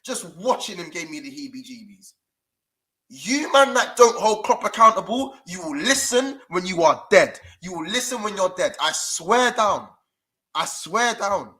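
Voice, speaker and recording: A man's voice: sits high, sing-song, a little slow, bright, forceful tone, rough recording. A young man with a London accent, ranting furiously to camera as a fan-channel presenter, swearing and full of street slang. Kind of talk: angry fan rant to camera. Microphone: camera mic.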